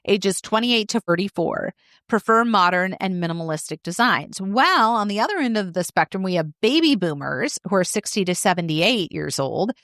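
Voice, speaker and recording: A woman's voice: medium pitch, fairly bright tone, no echo, studio quality. A middle-aged woman hosting a podcast, explaining things in a conversational way and often putting questions to the listener. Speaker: podcast host. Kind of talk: informal teaching monologue.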